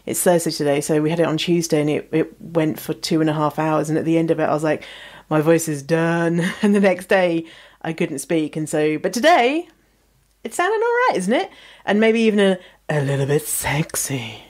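A woman podcast host getting over a cold, her voice slightly husky, chatting frankly and laughing often. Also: sits low, brisk, darkish tone. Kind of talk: casual podcast chat.

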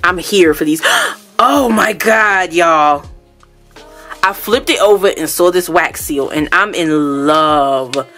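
A woman's voice: lowish voice, expressive, takes it slowly, fairly bright tone, faint music behind. A woman vlogger unboxing products, gushing and exclaiming as she chats casually to her viewers at home. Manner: gushing, exclamatory, keeps addressing viewers as y'all.

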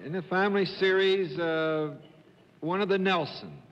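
A man on a TV game show panel, asking questions in a halting, hesitant way. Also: sits high, a crowd in the background. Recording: dull 1950s TV studio sound with hall echo.

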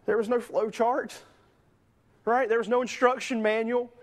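In a church sanctuary, a male pastor with a very high, flat voice preaches at normal speed. His sermon is conversational, with frequent "right?" tags at the ends of sentences, and he acts out the voices of people in the story.

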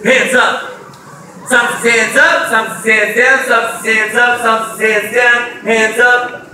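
A man's voice: extremely high pitch, level tone, slow pace, background noise. A man DJ hosting a dance party game for kids, joking and teasing the crowd as he calls out commands. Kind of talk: playful crowd hosting on a mic. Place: outdoor public event space. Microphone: handheld mic over a PA system. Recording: far-off echoey PA sound with loud crowd ambience.

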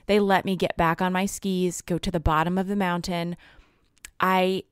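A woman's voice: fairly low pitch, little pitch movement, normal speed, clean tone, dry recording, studio quality. A woman co-hosting a podcast, telling a rambling story in casual chat and laughing often. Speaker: podcast co-host.

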